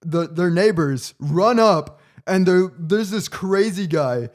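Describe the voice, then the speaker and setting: A man's voice: high-pitched, slow pace. Young man telling a rambling story. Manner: animated, stumbling restarts, acts out quotes. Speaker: podcast co-host. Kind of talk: casual storytelling.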